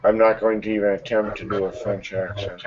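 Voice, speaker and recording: A man running a tabletop game as game master, narrating in a hesitant, halting way. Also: on the low side, flat delivery. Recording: muffled lo-fi recording with faint noise.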